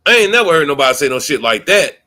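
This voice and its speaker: A man's voice: fairly high pitch, very animated, quick pace, sharp tone. A man hosting a reaction commentary, heated and profane, stumbling over repeated words. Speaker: commentary host.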